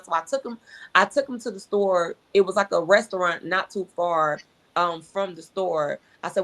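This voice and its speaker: A middle-aged woman telling a personal testimony in an animated way, acting out dialogue and repeating herself. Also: lowish voice, fairly quick. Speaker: speaker sharing a testimony.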